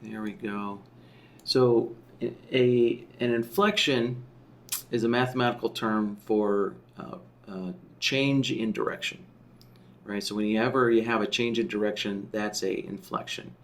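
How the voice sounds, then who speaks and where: A man teaching a software tool in a screen-share tutorial, explaining step by step and often checking in with "right?" while he thinks aloud. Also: fairly low pitch, fairly even intonation, a little slow. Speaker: software trainer.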